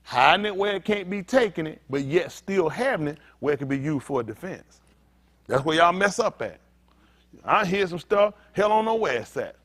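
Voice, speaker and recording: A man's voice: high-pitched, expressive, moderate pace, fairly bright tone. A man preaching a sermon as pastor, talking straight to his congregation in a joking, conversational way. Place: synagogue congregation.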